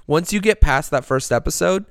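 A man's voice: fairly high pitch, expressive, brisk, clean tone, no echo, clean studio sound. A man co-hosting a podcast in casual chat, enthusiastic and rambling, swearing freely. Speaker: podcast co-host.

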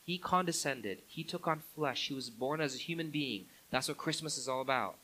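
A man's voice: medium pitch, lively intonation, normal speed, sharp tone, low-quality recording. A man preaching a sermon as pastor, building his points to emphatic climaxes.

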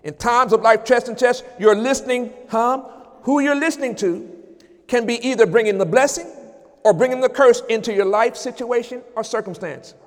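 A man preaching a sermon as pastor at an evening church service, rising into shouted praise and call-outs. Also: very high voice, moderate pace, long reverb tail.

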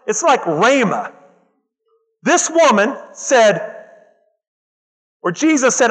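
Man, preacher, very high voice, emphatic repetition, long hall reverb. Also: expressive, unhurried, pauses often, fairly bright tone. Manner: emphatic, repeats phrases for effect, calls out to the congregation. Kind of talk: sermon.

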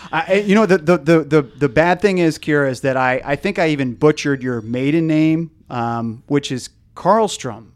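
Hosting a running podcast, a man speaks at a moderate pace with hardly any pauses, his voice a little high, clear and resonant. Still, his casual talk is hesitant, full of fillers and restarts.

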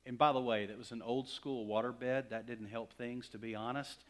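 A middle-aged man from West Texas preaching a sermon, swinging from loud emphatic lines to hushed near-whispers. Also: mid-range voice, fairly even intonation, moderate pace. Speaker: pastor.

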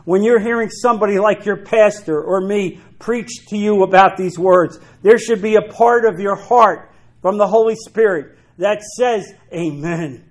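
Man, preacher, sermon, high-pitched voice, emphatic, repeats himself for emphasis. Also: moderate pace. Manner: emphatic, repeats key phrases.

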